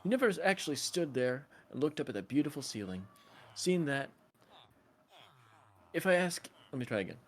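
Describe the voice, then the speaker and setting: A man reading the lines of an earnest male therapist lecturing a young man, in a steady tone with stumbles. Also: on the high side, slight background noise. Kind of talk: casual reading of a film scene.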